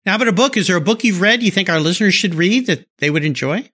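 A man's voice: sits high, expressive, quick pace, sharp tone. A man hosting a podcast, asking questions with upbeat enthusiasm. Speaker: podcast host. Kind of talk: podcast interview.

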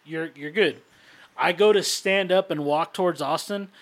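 A man's voice: fairly high pitch, normal speed. A young man co-hosting a podcast, telling a story in casual, swear-filled chat. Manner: animated storyteller, swears freely. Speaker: podcast co-host.

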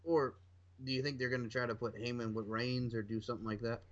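A man hosting a casual podcast, animated and rambling, swearing and laughing often. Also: mid-range voice, fast. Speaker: podcast host. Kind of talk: casual chat. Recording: dull lo-fi sound.

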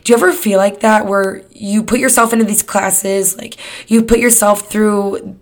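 A woman's voice: medium pitch, steady tone, moderate pace. A woman of twenty-one hosting her own podcast, talking in a candid, rambling way and swearing often. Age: 20s. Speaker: podcast host. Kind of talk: casual solo podcast chat.

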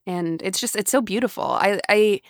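A woman's voice: medium pitch, moderate pace, no echo, studio quality. A woman co-hosting a casual fan discussion, chatty and full of fillers and restarts. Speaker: podcast co-host.

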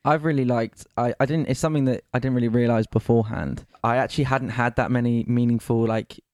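A man's voice: mid-range voice, fairly even intonation, fast, a little mellow, dry recording, clean studio sound. A man from England, chatting casually on a podcast, hesitant and searching for words.

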